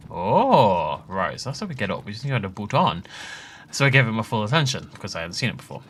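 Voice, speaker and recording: A man's voice: on the low side, sing-song, a little fast, fairly bright tone, slight background noise. A young adult man hosting a let's play, chatting casually and rambling off on tangents while he plays. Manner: chatty, rambling asides with laughs. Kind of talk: casual gameplay commentary.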